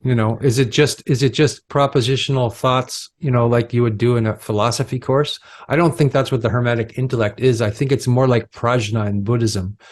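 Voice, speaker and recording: Halting, reflective male podcast co-host. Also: mid-range voice, darkish tone. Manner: halting, many restarts and repeated words. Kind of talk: casual philosophical conversation.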